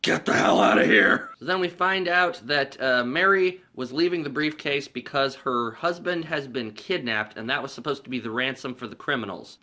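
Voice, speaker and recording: Bright-voiced man rambling through a movie recap. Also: mid-range voice. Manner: rambling and profane, with filler words. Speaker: movie reviewer.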